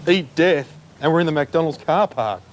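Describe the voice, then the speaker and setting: A man's voice: fairly high pitch, lively intonation, normal speed, a little hiss or hum. An Australian man doing a prank comedy bit as a mock-official parking attendant, teasing passers-by in a car park. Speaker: comedy segment presenter posing as parking attendant.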